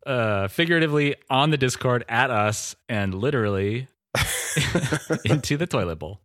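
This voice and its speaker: A man co-hosting a podcast in casual chat, sardonic and quick to laugh. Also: mid-range voice, lively intonation, fairly bright tone, no room sound, studio quality. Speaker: podcast co-host.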